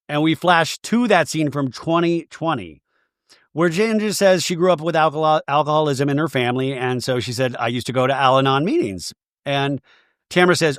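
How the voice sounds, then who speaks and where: A man's voice: on the high side, brisk, a bit bright, no echo, clean studio sound. A man hosting a comedic recap podcast, sarcastic and mimicking quotes in exaggerated voices. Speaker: podcast host recapping a reality show.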